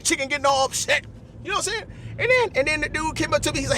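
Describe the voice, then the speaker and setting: A man hosting a podcast, telling comic stories in an animated, repetitive way. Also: extremely high pitch, very fast, background noise. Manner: animated, repetitive, lots of "listen" and "you know what I'm saying". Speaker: podcast host. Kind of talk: comedic storytelling monologue.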